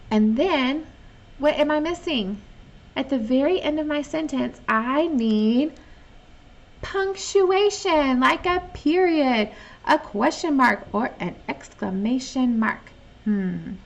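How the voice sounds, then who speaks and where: A woman teaching young children online, patiently thinking out loud as she checks and fixes her own writing. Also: mid-range voice. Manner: reads sample sentences slowly and clearly.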